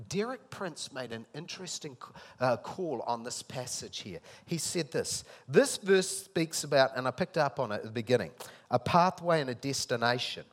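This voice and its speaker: Emphatic male preacher, loud to soft. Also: medium pitch, expressive, normal speed. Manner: acts out dialogue, swings between loud emphatic and soft intimate. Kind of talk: sermon.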